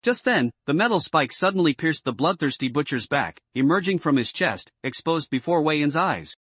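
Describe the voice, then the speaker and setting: A man reading a scripted horror comic recap in a steady, even storytelling manner. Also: a little high, moderate pace, slightly rough, dry recording. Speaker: narrator.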